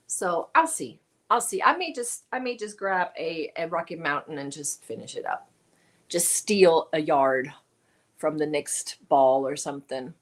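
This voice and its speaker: A woman hosting a casual livestream, greeting viewers by name and thanking them as she reads their comments. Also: a little high. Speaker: livestream host. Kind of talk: casual chat reading live comments.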